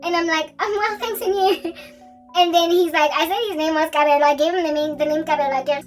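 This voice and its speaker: Young South African woman with a very high voice, animated storyteller who laughs easily. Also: quick pace, faint music behind. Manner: animated, laughs often, mixes in local languages. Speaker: Christian vlogger. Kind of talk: casual storytelling.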